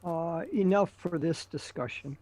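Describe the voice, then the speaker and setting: A man from northern Minnesota, speaking in a measured way with frequent pauses as a debate guest. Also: fairly high pitch, darkish tone, no room sound. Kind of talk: casual conversation on a call.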